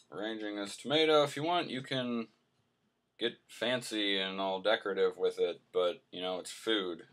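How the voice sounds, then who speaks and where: A man's voice: fairly low pitch, a bit bright. A man hosting a casual cooking vlog, joking and telling playful mock-serious tall tales as he cooks in a home kitchen. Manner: hums to himself while cooking. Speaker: host.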